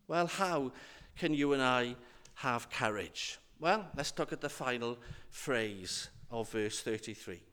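A man preaching a sermon in a slow, emphatic way, with dramatic pauses and rhetorical questions to his listeners. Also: medium pitch, lively intonation, a bit bright. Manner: asks the congregation rhetorical questions.

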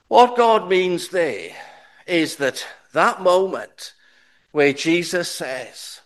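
A middle-aged man preaching a sermon to his congregation, slow and deliberate, asking rhetorical questions. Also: high-pitched, very animated. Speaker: pastor.

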